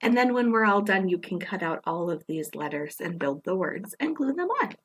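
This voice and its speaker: A woman teaching young children phonics, gently sounding out letters and words and encouraging them as she works through a worksheet. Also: on the low side, animated, moderate pace, slightly rough. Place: indoors at a table, camera on her worksheet.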